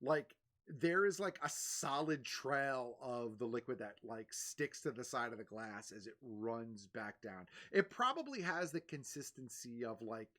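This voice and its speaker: A woman's voice: very deep voice, animated, measured pace, fairly bright tone. A young woman narrating as game master for a tabletop game, descriptive and a bit hesitant.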